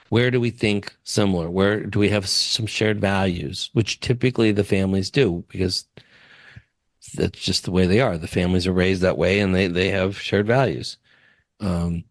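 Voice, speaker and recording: A wealth advisor chats through a casual interview, telling stories and laughing easily. His voice sits fairly low, and the recording has no echo.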